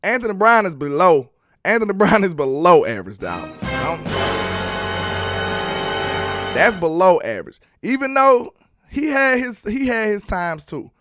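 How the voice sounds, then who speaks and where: A man's voice: high voice, big pitch swings, normal speed, over music. A man casually breaking down football film on a live stream, chatty and laughing as he teases his viewers. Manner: chatty, laughing, teasing the chat. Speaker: sports film-study streamer.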